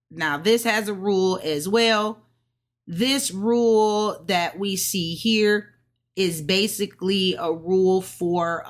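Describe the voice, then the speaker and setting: Woman talking through her own study notes, unhurried, slightly low-pitched, drilling syllables and chatting through the rules. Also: a bit bright. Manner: slow and deliberate, repeating syllables to drill them; casual explanations with many "like" and "okay". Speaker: language learner reviewing her lessons. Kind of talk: self-study lesson, explaining out loud.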